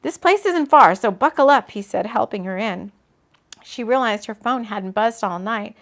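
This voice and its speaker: A woman, an author, reading her own book aloud in a relaxed way, breaking off for casual asides. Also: on the high side. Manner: chatty, laughs at her own slips and comments mid-reading.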